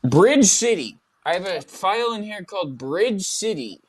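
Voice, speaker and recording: Goofy higher-voiced man joking around. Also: lively intonation, normal speed, a bit bright. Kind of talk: casual chat.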